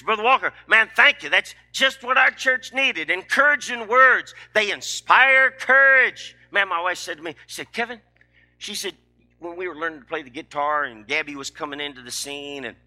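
A man's voice: fairly high pitch, sharp tone. A middle-aged man, preaching a sermon in a folksy, emphatic, joking way.

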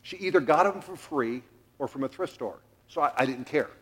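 A man's voice: fairly high pitch, brisk, breathy edge. A middle-aged man preaching a sermon in a church, telling a family story with jokes and acting out the quotes. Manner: animated, jokey, acts out quotes. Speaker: pastor.

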